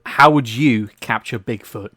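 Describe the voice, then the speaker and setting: A man's voice: medium pitch, unhurried, background noise. A man hosting a podcast, moving between casual chat and an easygoing reading of the outro. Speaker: podcast host.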